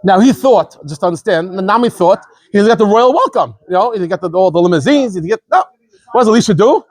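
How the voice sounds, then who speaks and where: A man, a rabbi, giving an informal Torah lesson, explaining quickly and animatedly, often stumbling and repeating words as he goes. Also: high-pitched, lively intonation, no echo. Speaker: rabbi teaching a daily scripture class.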